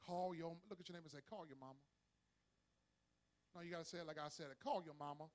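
A man preaching a sermon as pastor, leading the congregation in call-and-response and swelling to shouts. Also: on the high side, fairly even intonation, fast.

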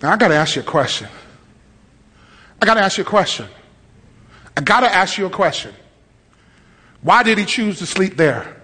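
A man's voice: high-pitched, expressive, moderate pace, pauses often, sharp tone, husky. A male pastor preaching a sermon with humor, repeating phrases for emphasis.

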